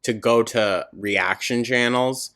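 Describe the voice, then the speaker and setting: Slow, sarcastic male reaction host. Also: mid-range voice, fairly bright tone. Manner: sarcastic, swearing, scornful asides. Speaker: reaction commentator. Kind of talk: mocking commentary over a clip.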